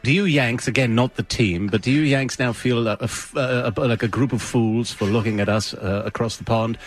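A man's voice: medium pitch, fairly quick, lightly acted. A radio co-host putting on a pompous British male sports reporter with a British accent and a mocking, haughty way of asking questions.

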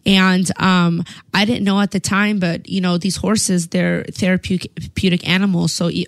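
A woman telling a long personal story in casual chat, animated and full of fillers like "like". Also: lowish voice, dry recording. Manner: animated, chatty, lots of "like" and repeated words. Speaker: guest telling her story.

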